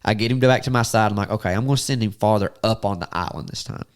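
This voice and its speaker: A man recounts a hunting trip in easy, casual podcast talk. He slips into the voices of his friends as he goes. His pitch leaps up sharply when the story gets exciting. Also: racing, smooth. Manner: animated, acts out quotes with sudden high-pitched outbursts.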